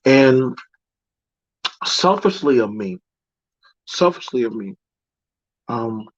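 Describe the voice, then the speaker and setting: A man telling a personal story to his viewers in a reflective, halting way. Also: mid-range voice, lively intonation. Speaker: vlogger. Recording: dry, dull lo-fi recording.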